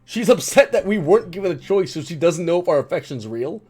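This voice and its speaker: A woman streaming a game, rambling excitedly as she theorizes about the story. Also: fairly low pitch, fast talker, husky, faint music behind. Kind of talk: let's play commentary.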